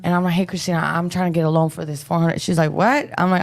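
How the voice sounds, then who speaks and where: A woman's voice: fairly low pitch, a little fast. A woman with a Texan accent, co-hosting a podcast and telling stories in casual chat, acting out quotes with animation. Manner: animated storyteller, acts out quotes. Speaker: podcast co-host.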